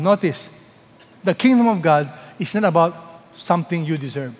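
A man delivers a sermon with emphatic phrasing, pausing before key words and letting them fall to a near hush. His voice sits fairly high for a man. A long hall reverb trails each line. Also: expressive. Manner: emphatic preaching with dramatic pauses and soft drops. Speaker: pastor.

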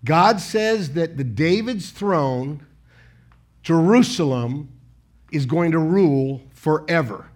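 High-voiced man preaching a lively sermon. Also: takes it slowly. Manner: conversational preaching with sudden loud emphasis; asks the congregation rhetorical questions.

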